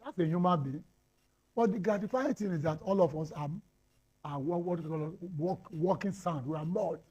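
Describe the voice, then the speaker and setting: A man's voice: fairly high pitch, normal speed, darkish tone, breathy edge, lo-fi sound. A Nigerian man arguing hotly on a panel, firing rhetorical questions and repeating lines for emphasis. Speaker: panel guest. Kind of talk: heated panel debate.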